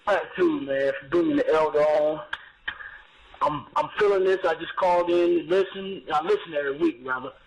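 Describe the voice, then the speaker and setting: High gravelly eager male caller. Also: brisk, dull audio, a little hiss or hum. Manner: eager, stumbling over words. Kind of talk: call-in radio talk.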